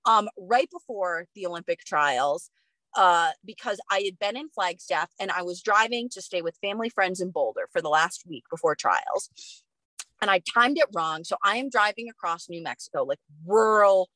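A woman guest on a podcast, telling a story in a casual, animated way with plenty of swearing. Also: on the low side, no echo. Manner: animated and expressive, swears freely. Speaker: guest, professional runner.

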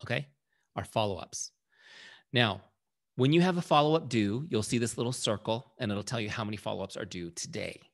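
A man with a fairly low, gravelly voice leads a casual training session. He talks in a relaxed, conversational way and acts out the lines he quotes. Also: brisk.

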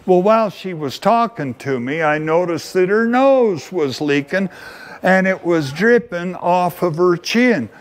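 A man telling a homespun childhood story at an open mic, in an unhurried, playfully earnest folksy manner. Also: high-pitched, expressive. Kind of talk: folksy spoken storytelling to an audience.

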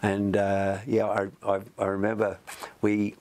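A middle-aged man with a fairly low voice tells long, meandering stories in a relaxed interview. He stops and restarts often and keeps adding asides, the way someone talks while sitting in a music studio. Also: a little slow, slight background noise. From Australia. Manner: rambling, chatty, many restarts. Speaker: musician guest. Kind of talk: storytelling in an interview.

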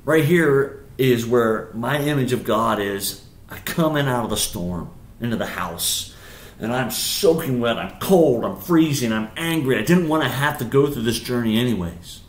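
A man's voice: medium pitch, animated, normal speed, reverberant. A male pastor preaching a sermon in a conversational way, repeating himself and building to emphatic bursts. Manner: conversational, rising to emphatic bursts, frequent restarts.

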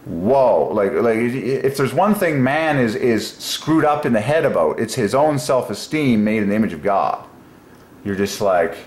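A man hosting a casual solo video, musing aloud and breaking into excited exclamations. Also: mid-range voice. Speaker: religious video host. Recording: echoey room with faint noise.

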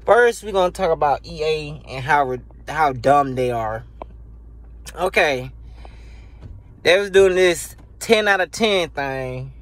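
A man's voice: on the high side, animated, slow, a bit bright. A man ranting casually and profanely to camera about video games, laughing often, recorded on a phone. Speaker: gaming YouTuber.

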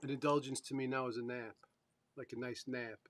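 Male host, mid-range voice, loose, rambling, halting delivery. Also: medium pitch, level tone, noisy background. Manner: rambling, halting, many fillers. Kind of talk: casual live-stream chat.

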